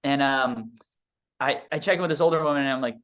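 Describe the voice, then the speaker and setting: A man's voice: medium pitch, quick pace, fairly bright tone. A young man, a stand-up comedian, telling a story in a casual, rambling, self-deprecating way with lots of fillers. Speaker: stand-up comedian and podcast guest.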